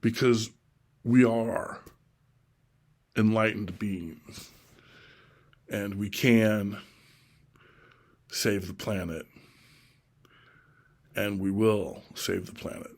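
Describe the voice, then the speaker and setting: A middle-aged man from Oregon giving a slow, deliberate, repetitive solo monologue about his political views. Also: lowish voice, steady tone. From Oregon, USA. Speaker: self-styled presidential candidate.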